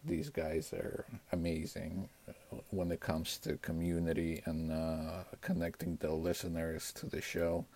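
A man's voice: deep voice, flat delivery, measured pace, a little mellow. A man leaving a recorded voice message for a podcast, earnest and grateful.

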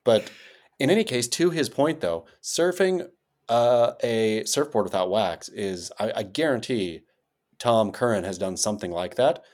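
Man, American accent, deep-ish voice, loose rambling chat, animated pitch jumps. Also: a little slow. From United States. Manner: playful, rambling, jumps up in pitch when excited. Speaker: podcast co-host. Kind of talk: casual chat.

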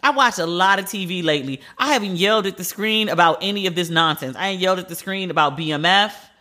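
Bright-voiced woman ranting bluntly. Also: on the low side, fast. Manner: blunt, profane, incredulous. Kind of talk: casual TV and news commentary.

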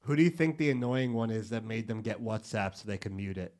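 A man's voice: on the low side, fairly even intonation, brisk, darkish tone. A man co-hosting a casual podcast, teasing and dry. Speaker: podcast co-host. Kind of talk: casual chat.

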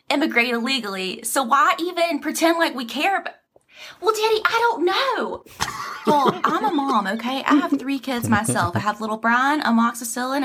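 A woman's voice: on the high side, bright, forceful tone. A woman playing an entitled, ditzy governor's daughter and young mom, in a comedy sketch. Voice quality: sugary, ditzy, oblivious.

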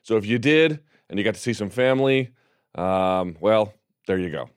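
An upbeat man hosting a sports talk show, chatting and joking. His voice moves lively up and down. The sound is close and dry. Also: fairly low pitch, moderate pace, smooth, dry recording. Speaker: podcast host.

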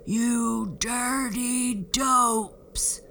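A woman voicing a horrible, lazy old male giant who bellows slow, drawn-out demands in a storybook reading. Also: on the high side, steady tone, creaky, bright, forceful tone, a little hiss or hum, pitched above the performer's own voice, full character voice. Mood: roaring.

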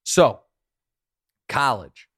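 A man in his thirties hosting a casual podcast, telling stories with quick asides. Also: dry recording, studio quality. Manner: animated storyteller, quick asides. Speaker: podcast host.

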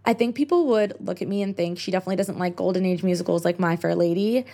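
A woman's voice: fairly low pitch, fast talker, warm tone. Chatty young American woman. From United States. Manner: chatty, many "like" fillers. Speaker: podcast host. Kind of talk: casual solo chat.

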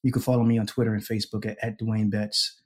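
A man as an interview guest, telling a personal story in a lively way, laughing often and acting out the people he quotes. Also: lowish voice, fast talker. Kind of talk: conversational storytelling.

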